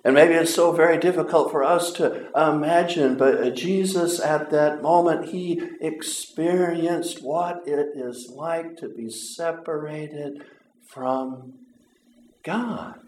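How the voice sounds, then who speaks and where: A man preaching a sermon, earnest and halting, with repeated words and long pauses. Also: a little high, steady tone, a little mellow, slight background noise. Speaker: pastor. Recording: roomy echo.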